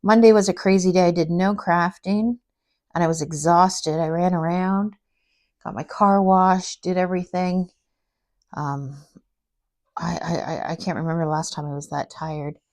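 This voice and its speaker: A middle-aged woman chatting casually to camera as a craft vlogger, rambling through everyday stories with many fillers and animated bits when she quotes people. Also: fairly low pitch, normal speed. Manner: animated when quoting others.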